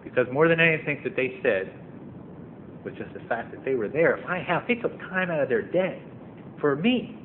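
A man's voice: mid-range voice, animated, fairly quick. A man sharing his personal recovery story at a meeting, earnest and building to emphatic passages. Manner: earnest, rising to emphatic and impassioned. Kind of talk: personal testimony talk. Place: meeting room. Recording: tinny phone-like recording, faint noise.

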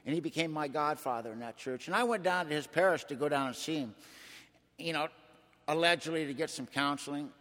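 A man's voice: fairly high pitch, fairly quick, fairly bright tone. An older man speaking at a recovery meeting, with a folksy, colloquial way of talking that swells with emotion. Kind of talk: personal testimony talk. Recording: echoey hall.

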